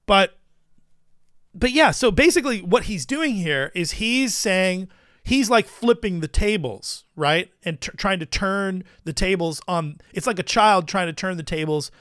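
A man hosting a casual commentary show, chatty and quick to laugh, often repeating words as he thinks. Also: high voice, lively intonation, a bit bright, dry recording, studio quality. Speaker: host of a Christian commentary show.

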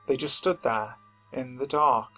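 A man reading a submitted first-person horror story aloud in a steady, measured narration that slows at the tense moments. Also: mid-range voice. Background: faint background music.

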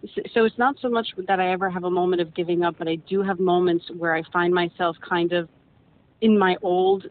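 A woman's voice: fairly even intonation, brisk. A woman guest telling her own story in a rambling, earnest way, often repeating words as she gathers her thoughts. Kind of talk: casual personal storytelling. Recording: tinny phone-like line with faint rumble.

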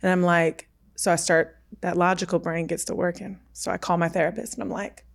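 A woman's voice: on the low side, flat delivery, brisk, gravelly. Emphatic woman telling a personal story. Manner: emphatic, repeats "listen", vivid retelling. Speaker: guest.

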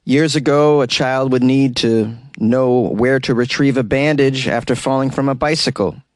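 A man's voice: mid-range voice, moderate pace, dry recording. A man hosting a radio talk show, reading news stories and adding wry, sarcastic asides in a casual way.

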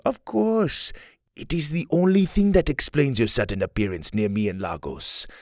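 In a clean studio recording with no room sound, a man voices a playful yet menacing male villain for a children's audio story. He pitches above his own mid-range voice but keeps it natural, moving at a moderate pace from teasing to threatening.

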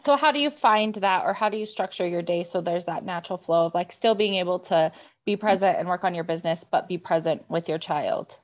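A woman's voice: lowish voice, a little fast. A woman speaking in a thoughtful, reassuring way as a guest in a casual conversation. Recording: dull, muffled audio.

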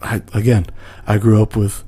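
A man's voice: on the low side, flat delivery, normal speed, dark tone, slightly rough. A man from near the US–Mexico border, a comedian guest, talking bluntly and mocking himself in a casual podcast chat. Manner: blunt, self-mocking, laughs easily.

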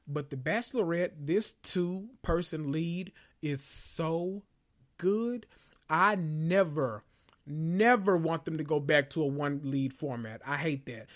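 Man, podcast host, casual chat, opinionated, animated, fairly high voice. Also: unhurried. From Southern United States. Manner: animated, opinionated, dramatic swings in pitch.

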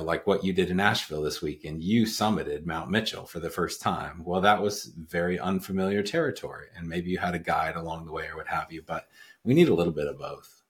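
A man with a very low, deep voice talks in a laid-back podcast conversation. He muses and tells stories in a rambling, reflective way, full of ums and pauses. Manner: reflective, rambling storyteller with many fillers. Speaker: podcast host. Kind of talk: casual conversation.

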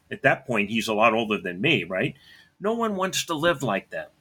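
A middle-aged man telling a personal story bluntly, clearing his throat often between phrases. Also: mid-range voice, big pitch swings, moderate pace, sharp tone, soft background music.

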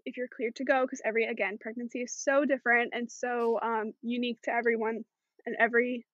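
A woman's voice: fairly high pitch, level tone, fairly quick, fairly bright tone, dry recording, muffled recording. A woman talking as a podcast guest in casual chat, chatty with many fillers.

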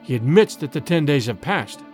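A man's voice: fairly high pitch, expressive, moderate pace, soft background music, natural voice. A man playing a solemn, fearful village son. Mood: urgent. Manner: solemn, urgent.

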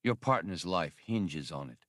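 A man voicing a calm, confident male gunman with quiet, smooth menace, pitched lower than his narration. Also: measured pace, no room sound, studio quality. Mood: cool threat.

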